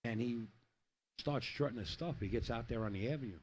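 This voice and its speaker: A man's voice: medium pitch, fairly quick, darkish tone, a little hiss or hum. A middle-aged man commentating a pool match in a rambling, chatty way, telling jokes between shots. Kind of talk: casual play-by-play with joke telling.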